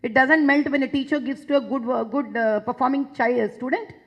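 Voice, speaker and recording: A woman's voice: high voice, steady tone, brisk, lo-fi sound. A woman with an Indian English accent giving an impassioned public talk, emphatic and repeating phrases for force. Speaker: public speaker addressing a session.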